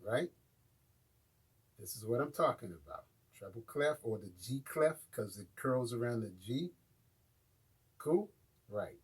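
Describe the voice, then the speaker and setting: Husky American man, slow and easygoing, teaching drums live and checking in with viewers. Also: mid-range voice. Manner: casual, checks in with viewers often. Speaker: drum teacher. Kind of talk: live online music lesson.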